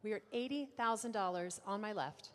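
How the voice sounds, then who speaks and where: A woman auctioneer calling bids at a live car auction, brisk and playful with the bidders. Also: mid-range voice. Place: large auction room. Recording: long hall reverb.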